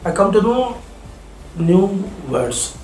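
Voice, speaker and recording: A man's voice: high voice, very animated, slow pace, a little mellow, slight background noise. A man giving a spoken lesson, earnest and repeating his points for emphasis. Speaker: English teacher. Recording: echoey room with faint music.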